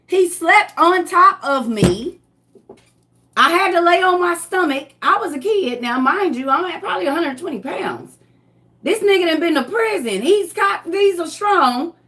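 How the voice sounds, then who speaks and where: A woman telling viewers a personal story in casual, animated, emphatic speech full of slang. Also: very high-pitched, a little slow.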